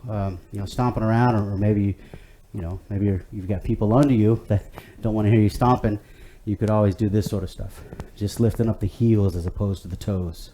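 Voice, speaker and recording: In an easygoing, talkative style with many fillers and restarts, a male fitness instructor leads a home workout. His voice is on the low side and dark in tone, with slight background noise in the clip.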